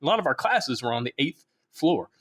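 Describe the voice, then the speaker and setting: Fast-talking Southern man hosting. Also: medium pitch. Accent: Southern American. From Alabama, US Deep South. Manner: animated storyteller, acts out quotes. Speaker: podcast host. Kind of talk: casual interview.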